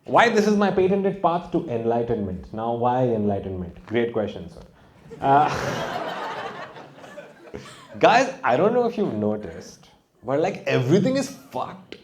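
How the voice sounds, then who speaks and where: A man's voice: medium pitch, very animated, slow pace. A male stand-up comedian from India doing a live set, swearing freely and laughing at his own jokes. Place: comedy stage before a live audience. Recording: noisy live venue with audience laughter.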